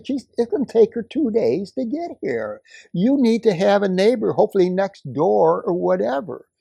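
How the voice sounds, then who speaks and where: An older man speaking at a community meeting, telling a story and building to forceful, emphatic outbursts. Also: high voice, creaky, dry recording. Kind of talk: impassioned public comment.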